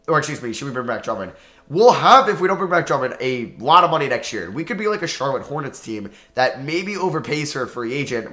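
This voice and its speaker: A man with a New York accent giving casual, chatty gameplay commentary, thinking aloud and poking fun at himself. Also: medium pitch. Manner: chatty, excitable, self-deprecating, thinks aloud. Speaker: gaming YouTuber. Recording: roomy echo.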